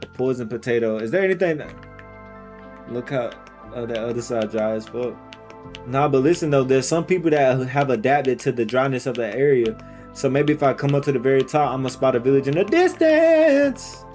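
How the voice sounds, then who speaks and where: Excitable young-sounding man streaming a game. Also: medium pitch, normal speed, soft background music. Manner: excitable, slangy, talks to himself and chat. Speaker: live-streamer playing a game. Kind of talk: casual live gameplay commentary.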